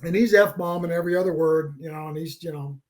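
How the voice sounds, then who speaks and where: A man's voice: on the high side, fast talker. A middle-aged man animatedly telling a story as a podcast guest, often repeating words as he builds up to the point. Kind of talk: casual storytelling.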